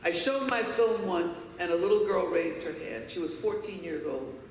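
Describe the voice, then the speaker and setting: Woman from harlem telling stories at a keynote, bit gravelly, heard from far back in a big echoey hall. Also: fairly low pitch, normal speed, slight background noise. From Harlem, New York. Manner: emphatic, candid storyteller. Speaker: keynote speaker. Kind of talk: personal storytelling speech.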